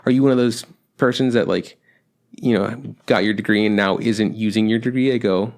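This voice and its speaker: A man's voice: lowish voice, a little fast, a little mellow. A young man chatting on a podcast, rambling with lots of fillers and swearing. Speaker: podcast co-host. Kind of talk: casual chat.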